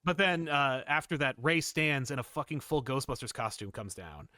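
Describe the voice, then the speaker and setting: A man co-hosting a comic book podcast in a casual, animated chat. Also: medium pitch, normal speed, no room sound, studio quality. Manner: animated, jumps into quoted voices and laughs. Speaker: podcast co-host.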